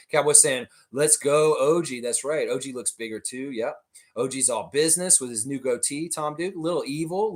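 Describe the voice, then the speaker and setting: Guy doing a live stream, reading chat out loud, lots of uhs and laughs, mid pitch. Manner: reads chat messages aloud and riffs on them, laughing often; frequent "in some ways" and "uh" fillers. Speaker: livestream host. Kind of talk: casual live watchalong commentary.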